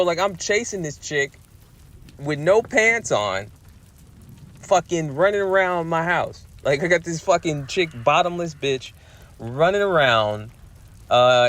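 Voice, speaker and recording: A man's voice: on the high side, fairly bright tone. A man telling a story in a heated, profane rant, repeating himself for emphasis. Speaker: vlogger.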